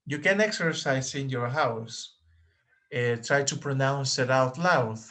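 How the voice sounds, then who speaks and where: A man leads an online English lesson at an unhurried pace. His voice sits at an everyday middle pitch, and he patiently repeats words so the students can follow. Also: pushed and bright. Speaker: English teacher. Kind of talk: online class instruction.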